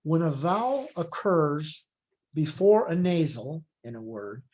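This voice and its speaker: A middle-aged man giving a recorded phonology lecture, explaining patterns in a measured way and often correcting himself mid-sentence. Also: a little high, very animated, darkish tone. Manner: measured explanatory delivery with frequent self-corrections.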